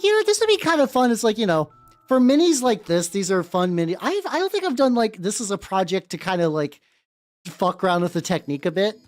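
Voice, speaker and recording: Chatty streamer with a bouncy, expressive delivery, greeting viewers and swearing casually while painting. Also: mid-range voice. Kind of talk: casual livestream chat.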